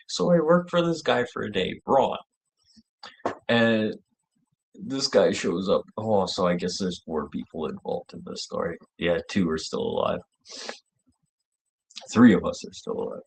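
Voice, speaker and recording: A man, hosting his own show and telling a story in a rambling, profane way, laughing and jumping high in pitch when he gets worked up. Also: lively intonation, unhurried, creaky, slightly rough. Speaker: show host. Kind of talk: casual storytelling monologue.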